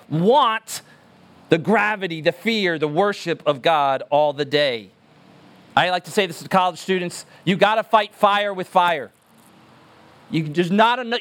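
A man's voice: high-pitched, moderate pace, a bit bright. A man preaching a sermon as pastor, emphatic and earnest, repeating words for stress.

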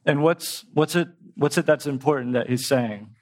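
A man's voice: mid-range voice, normal speed. A man preaching a sermon in a casual, explanatory way, with a tickle in his throat. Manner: conversational, explains with pop culture examples.

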